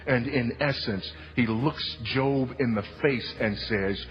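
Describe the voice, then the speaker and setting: A man preaching a sermon with emphasis, repeating key lines and moving between hushed and loud delivery. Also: medium pitch, takes it slowly, hardly any pauses, big-room sound, lo-fi sound, faint music behind. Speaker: pastor. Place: church sanctuary.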